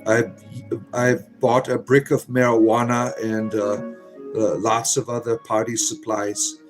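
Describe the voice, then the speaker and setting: A man's voice: mid-range voice, flat delivery, a little slow, over music, lightly acted. A man mocking as a careless deadbeat dad. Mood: flippant. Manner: mocking, flippant. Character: careless deadbeat dad dodging child support.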